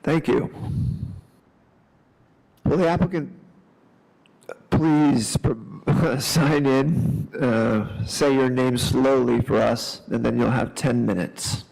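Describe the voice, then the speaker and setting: A man's voice: mid-range voice, gravelly, a little mellow, low-quality recording. A man chairing a public board meeting, speaking procedurally. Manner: slow, procedural.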